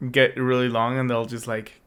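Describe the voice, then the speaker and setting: A man in his thirties co-hosting a podcast, talking casually while hoarse and losing his voice, clearing his throat often. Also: medium pitch, flat delivery, normal speed, a bit bright. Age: 30s. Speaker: podcast co-host. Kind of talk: casual chat.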